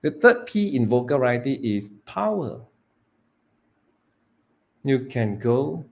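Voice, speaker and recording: A man, training students in public speaking, who swings between loud emphasis and hushed delivery and stretches words for effect. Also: mid-range voice, sing-song, slow, vocal fry, pauses often. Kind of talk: live training talk.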